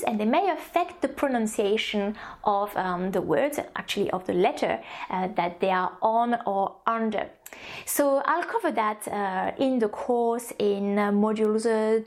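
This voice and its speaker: A woman with a French accent, a native French speaker, teaching a recorded language course. She explains step by step, with many ums and restarts. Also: a little high. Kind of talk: recorded online course lesson.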